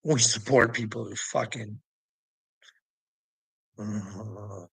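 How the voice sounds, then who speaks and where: A man with a gravelly, husky voice delivers a rambling, profanity-laden monologue straight to camera. His tone is tense and forceful, and the recording is dry and close. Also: on the low side, fairly even intonation, extremely slow, no echo. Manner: swears constantly, rambling and preachy. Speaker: vlogger.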